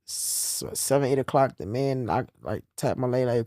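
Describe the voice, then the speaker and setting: A young man telling stories in casual conversation, swinging between low, quiet stretches and loud bursts. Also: sing-song, normal speed, few pauses, no room sound, studio quality. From New York. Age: young adult. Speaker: podcast guest telling his story.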